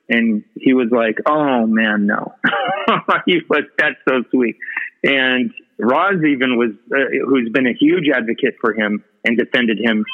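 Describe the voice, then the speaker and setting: A man telling a story as a podcast guest, rambling with lots of fillers and swearing freely. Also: medium pitch. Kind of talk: casual storytelling. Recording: tinny phone-line audio.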